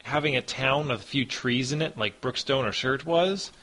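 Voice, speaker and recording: Bright-voiced man running a tabletop game. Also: mid-range voice, moderate pace. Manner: casual, hesitant, lots of ums and likes. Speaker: game master. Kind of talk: narrating a tabletop game podcast.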